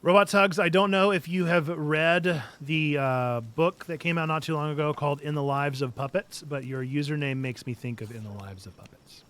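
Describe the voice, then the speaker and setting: A man's voice: on the high side, normal speed, hardly any pauses, a bit bright. A man streaming a video game, chatting casually and playfully talking to the creatures in it. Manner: playful, talks to the game creatures and reads chat. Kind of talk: casual gameplay commentary.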